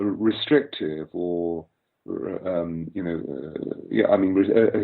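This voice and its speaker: An older English man with a Received Pronunciation accent, explaining at length as a voice coach guest in an interview, articulate and lecturing. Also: fairly low pitch. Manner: articulate, lecturing, long flowing sentences. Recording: tinny phone-like sound.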